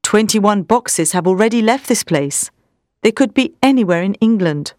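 Woman voicing grave elderly professor, commanding, lively pitch, dry sound. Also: moderate pace, dry recording, natural voice. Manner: firm, commanding. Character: stern elderly male vampire-hunting professor.

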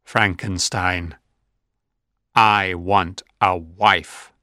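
Brooding monster read by a man, low and very slow, dry close sound. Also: steady tone, sharp tone, no echo, exaggerated voice. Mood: grim. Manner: slow, heavy, accusing. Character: Frankenstein's lonely, bitter male creature. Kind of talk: storybook reading.

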